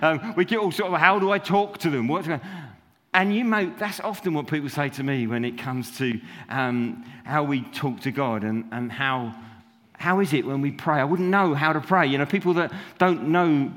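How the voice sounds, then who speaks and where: A man's voice: medium pitch, big-room sound. A man preaching an informal sermon, chatty and rambling, full of fillers, restarts and little laughs.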